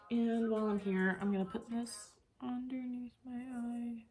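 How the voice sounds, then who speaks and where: Lady vlogger mumbling thru her makeup, slow and kinda unhurried, thinking out loud. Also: on the high side, flat delivery, faint music behind. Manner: rambling self-talk, thinking aloud. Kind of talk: casual chat while doing makeup.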